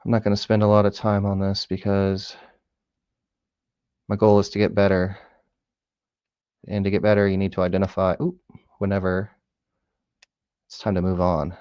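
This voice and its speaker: A man's voice: low-pitched, monotone, normal speed, pauses often, darkish tone, clean tone, no echo, dull audio. A man picking a lock on camera, muttering and whispering to the pins, swearing and cracking jokes as he goes. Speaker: hobbyist lock picker. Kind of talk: casual talk-along while lock picking. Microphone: camera close by.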